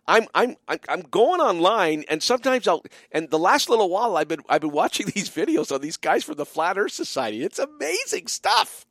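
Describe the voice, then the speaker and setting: A man's voice: a little high, no echo, clean studio sound. A middle-aged man hosting a call-in radio show, chatting in a rambling, playful way with lots of fillers and restarts. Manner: playful, mock-drawling asides. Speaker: radio call-in host and biker church pastor. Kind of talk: late-night call-in radio talk.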